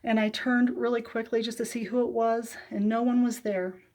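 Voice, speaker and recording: A woman telling viewers a personal faith testimony, soft-spoken and emotional, pausing often with hesitant fillers. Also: fairly high pitch, flat delivery. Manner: emotional, close to tears. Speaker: faith vlogger.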